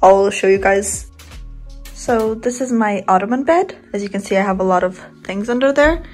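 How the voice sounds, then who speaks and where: A woman's voice: mid-range voice, normal speed, a little mellow, soft background music, poor audio. A woman in her twenties giving a casual bedroom tour, chatty and rambling with little giggles, filming on a handheld phone in her bedroom. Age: 20s. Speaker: vlogger. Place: bedroom, indoors.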